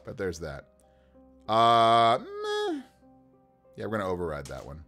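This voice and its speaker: On a livestream, a male game master chats casually while rolling dice to build characters, animated and laughing a lot. His voice is extremely low with a breathy edge, the words coming rapid-fire over faint music.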